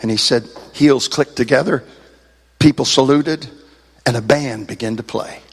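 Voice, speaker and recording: A man preaching a sermon in church, telling a folksy story and building to shouted fervor. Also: mid-range voice, moderate pace, creaky, husky. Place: church service.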